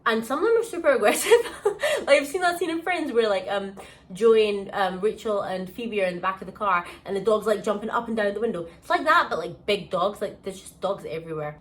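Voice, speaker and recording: A young woman from the UK, telling a holiday story in a casual vlog, animated and exclamatory with plenty of slang. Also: medium pitch, fast, rough recording. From United Kingdom. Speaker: vlogger. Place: holiday villa.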